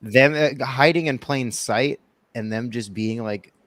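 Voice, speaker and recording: A man chatting casually as a guest, relaxed and opinionated, with hesitant fillers. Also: mid-range voice, measured pace, no echo. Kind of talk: casual chat.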